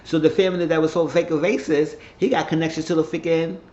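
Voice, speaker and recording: A man's voice: fairly high pitch, steady tone, brisk, a little mellow. A man casually recapping a TV episode, rambling with loose slang and some profanity. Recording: roomy, slightly muffled home recording.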